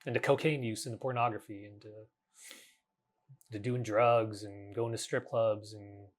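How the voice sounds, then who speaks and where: Earnest, halting man hosting a podcast. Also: fairly low pitch, fairly even intonation. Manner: earnest, halting, many restarts, casual swearing. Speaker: podcast host. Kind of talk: reflective solo podcast monologue.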